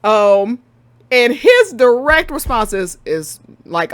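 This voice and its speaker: A woman co-hosting a casual game discussion, ranting in an animated, exasperated way and breaking into laughs. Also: fairly high pitch, takes it slowly, dry recording. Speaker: podcast co-host.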